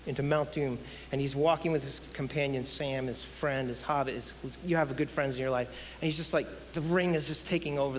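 Animated male preacher in a reverberant hall. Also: fairly high pitch. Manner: animated, asks the audience questions. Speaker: guest speaker. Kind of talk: sermon. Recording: hissy hall with long reverb.

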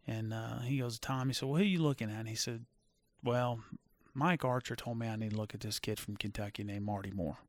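A middle-aged former football player telling stories in a casual chat, animated and full of fillers. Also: male voice, mid-range voice, a little fast, no room sound. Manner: animated storyteller with many fillers. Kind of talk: casual storytelling.

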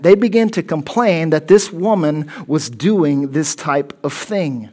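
A pastor giving a sermon, repeating key phrases and building up to loud, pointed questions. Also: male voice, fairly high pitch, expressive, measured pace, hardly any pauses.

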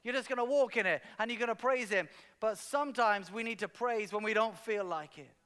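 Pastor guy preaching, high smooth voice, big echoey hall, gets loud and fired up. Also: fairly quick. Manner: personal storytelling, building to loud passionate emphasis. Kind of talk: sermon. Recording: long hall reverb.

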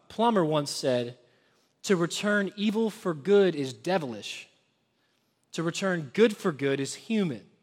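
Man, pastor, sermon, fairly high voice, long hall reverb, swings from loud to whispered. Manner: builds to loud intensity, drops to hushed whispers.

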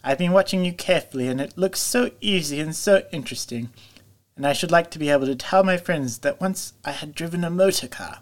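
A man's voice: fairly high pitch, brisk, voice pushed up, lightly acted. A man voicing a boastful, reckless male toad in a storybook reading, with a raised, showy voice. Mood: pleading. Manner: boastful, shouting.

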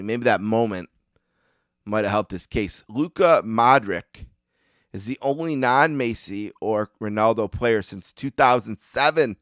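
A Western New York man hosts a sports podcast alone, rambling and poking fun at himself with plenty of ums and uhs. His voice is fairly low and a bit bright, with a clear, resonant tone. The recording is clean studio sound with no room echo.

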